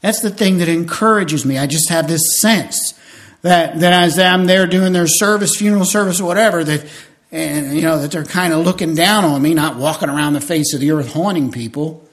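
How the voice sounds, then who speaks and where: A man's voice: a little high, moderate pace. Emotional pastor in his fifties preaching. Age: 50s. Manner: emotional storytelling, swings from loud to hushed. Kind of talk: sermon.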